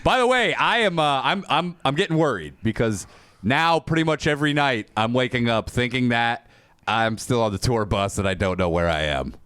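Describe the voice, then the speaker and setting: A man's voice: medium pitch, animated, moderate pace, fairly bright tone, no room sound. A man co-hosting a podcast in crude, joking casual chat, laughing often. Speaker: podcast co-host.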